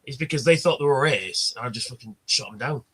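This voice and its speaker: A man's voice: medium pitch, lively intonation, fast talker, fairly bright tone, slightly rough. A man hosting a casual livestream chat, telling blunt stories and swearing freely. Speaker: livestream host.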